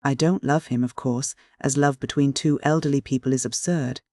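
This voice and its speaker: A reader speaking as a plump, shrewd elderly widow from a classic mystery audiobook. She gushes fond endearments while talking plain business. The recording is dry and close, with a mid-pitched voice. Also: steady tone, warm tone, no room sound, lightly acted. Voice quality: gushing endearments, brisk and matter-of-fact. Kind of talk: audiobook dialogue reading.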